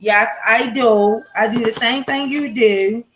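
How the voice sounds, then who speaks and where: A woman rants to her livestream viewers at home, blunt and profane and talking straight to her chat. Her voice sits high. The phone picks up a roomy echo with a little faint noise behind her. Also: slow, a bit bright. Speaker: livestream host. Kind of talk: casual morning livestream talk. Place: home, kitchen. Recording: echoey room with faint noise.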